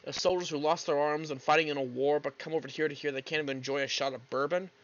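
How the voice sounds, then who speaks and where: Man reading a somber young detective partner, soft-spoken. Bright voice, dull mic. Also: on the high side, fairly even intonation, fast talker, lightly acted.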